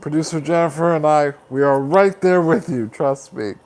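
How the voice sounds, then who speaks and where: A man's voice: a little high, moderate pace, darkish tone. A man hosting a livestream, chatting casually and upbeat as he reads out viewer comments and rallies support. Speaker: livestream host.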